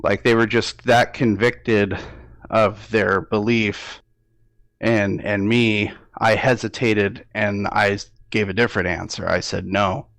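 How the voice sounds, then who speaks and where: A man recounting a dream in an interview, halting and hesitant with many restarts, close to tears at times. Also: fairly low pitch, fairly even intonation, a bit bright, no room sound. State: near tears, emotional. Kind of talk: emotional interview recollection.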